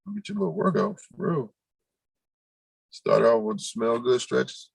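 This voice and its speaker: A man's voice: medium pitch, big pitch swings, measured pace, creaky, slightly rough, no echo, poor audio. A man hosting a casual livestream, rambling loosely and talking to his chat and to himself. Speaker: livestream host.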